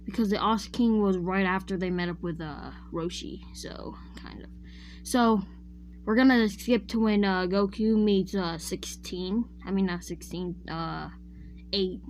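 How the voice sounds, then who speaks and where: A woman's voice: mid-range voice, steady tone, a little slow, a little hiss or hum. Rambling woman telling a fan story. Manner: rambling, often correcting herself mid-sentence; chatty, addresses viewers directly. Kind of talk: casual retelling of a fan-made what-if story.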